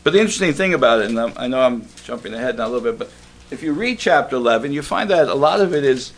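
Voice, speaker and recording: A man's voice: medium pitch, lively intonation, rapid-fire. A man preaching a sermon in a church, talking in a conversational way and asking the congregation questions.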